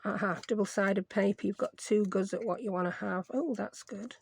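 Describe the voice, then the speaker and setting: Woman, craft vlogger, rambling chatter, slight fry, dry. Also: mid-range voice, normal speed, no echo. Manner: chatty, rambling, thinks aloud. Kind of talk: casual chat while crafting.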